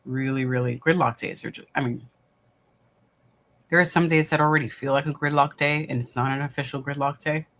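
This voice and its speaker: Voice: mid-range voice, fairly even intonation, a little fast, a bit bright. A livestream watch-party host from the New York area, chatting casually, reading out viewer comments and rambling with many fillers.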